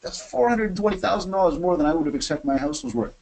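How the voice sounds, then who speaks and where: A man hosting a webinar from his office, coaching sales in an energetic, chatty way and acting out phone calls. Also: fairly high pitch, quick pace, rough recording. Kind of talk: animated software demo and sales coaching.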